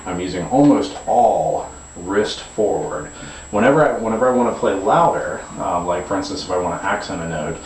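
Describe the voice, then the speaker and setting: Deep-voiced man teaching from across a room. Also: moderate pace, slight background noise. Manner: relaxed explaining with frequent fillers and restarts. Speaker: guitar teacher. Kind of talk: demonstration lesson. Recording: echoey room, camera mic from a distance.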